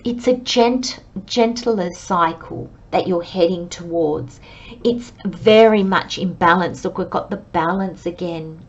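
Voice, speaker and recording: A woman giving a pick-a-card tarot reading, speaking gently and reflectively and addressing her viewers as friends. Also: medium pitch, dull audio. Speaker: tarot reader.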